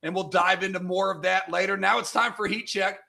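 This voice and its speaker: Loud, gravelly, high-pitched man host. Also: fairly even intonation, brisk. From California. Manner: loud, emphatic, argumentative. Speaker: podcast host. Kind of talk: casual sports banter.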